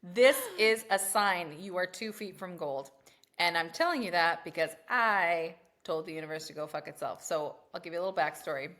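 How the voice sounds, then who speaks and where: With a fairly low voice at a moderate pace, a woman co-hosts a casual podcast chat. She's a mother who tells brash, profane stories, acting out her own past rants in a raised voice.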